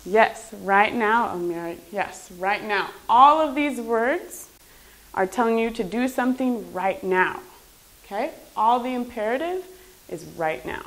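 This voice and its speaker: A woman teaching an English class to adult learners, speaking slowly and emphatically. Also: on the high side, poor audio. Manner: animated, slow, emphatic classroom delivery.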